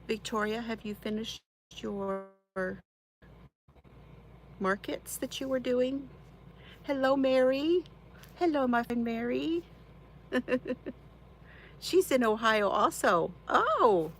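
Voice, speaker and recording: A woman's voice: a little high, a bit bright, a little hiss or hum, rough recording. A woman, hosting a casual crafting live stream from her chair at home, greeting viewers by name and laughing often. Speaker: crafting channel host.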